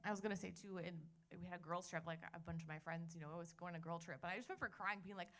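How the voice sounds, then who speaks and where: A young woman talking quickly with a bright, forward tone as she opens up to an interviewer. Her pitch sits a little low for a woman. She fills her sentences with "like" and starts over mid-thought. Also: steady tone. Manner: chatty, many "like"s and restarts. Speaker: interview guest sharing her story. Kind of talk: candid conversational testimony.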